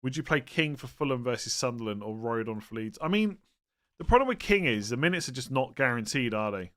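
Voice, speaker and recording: A man's voice: mid-range voice, animated, a little fast, fairly bright tone. Tired male streamer reading out and answering viewer questions, casual and meandering. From England. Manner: chatty, rambling, self-interrupting, tired and yawning.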